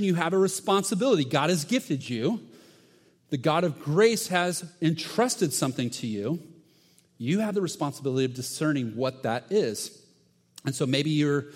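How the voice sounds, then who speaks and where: Animated preacher in a reverberant hall. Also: male voice, a little high. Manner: animated storytelling with acted-out voices. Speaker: pastor. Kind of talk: sermon.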